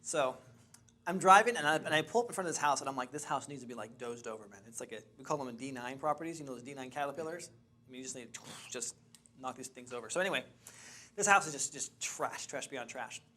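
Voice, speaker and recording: A man in a training session, telling animated stories about finding property to a class. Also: medium pitch, fast talker. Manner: animated, chatty, restarts and laughs. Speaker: real estate investing trainer. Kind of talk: lively storytelling to a class.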